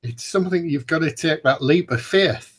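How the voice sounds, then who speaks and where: A man's voice: on the high side, normal speed, husky. A man co-hosting a podcast in casual banter, self-deprecating and joking, with frequent restarts. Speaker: podcast co-host.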